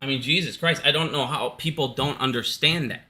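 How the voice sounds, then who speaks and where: A man's voice: mid-range voice, a little fast, sharp tone. A man from Minnesota giving casual, heated commentary at home, profane and repetitive, hot and out of breath. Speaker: stock market commentator. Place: his house.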